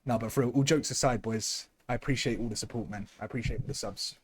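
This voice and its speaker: A young man gives live esports commentary, excitable and loud as he shouts out thanks to his viewers. His voice sits at an ordinary middle pitch, and it is going a little hoarse from all the shouting. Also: quick pace, slight background noise. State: losing his voice. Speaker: streamer and match caster.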